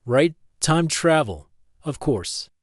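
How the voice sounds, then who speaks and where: A man voicing a bewildered young man woken in the night, who speaks in a hesitant, halting way. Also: a little high, sing-song, no room sound, studio quality, heavily acted.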